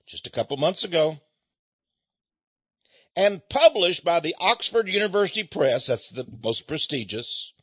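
An American man delivering an emphatic lecturing monologue, repeating points and dropping between loud stresses and low asides. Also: breathy edge, no echo. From United States. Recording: dull lo-fi, dry recording.

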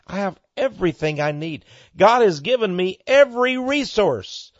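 A man's voice: high voice, lively intonation, normal speed, no room sound, lo-fi sound. A man hosting his own radio ministry program, reading a listener's letter aloud and then preaching in a folksy, earnest way that swells into fervent exclamations.

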